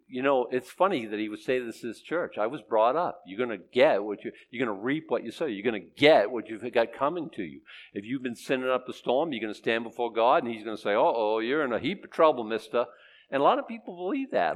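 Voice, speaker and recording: A male pastor giving a conversational verse-by-verse sermon, animated, with sudden jumps in loudness, humorous asides and frequent restarts. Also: mid-range voice. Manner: frequent restarts and repeated words.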